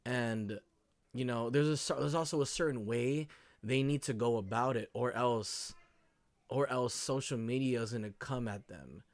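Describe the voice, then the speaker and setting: A man's voice: mid-range voice, normal speed, no room sound. Slangy emotional young man reacting. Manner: slangy, says bro and dog a lot, emotional. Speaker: reaction video host. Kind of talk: casual reaction commentary.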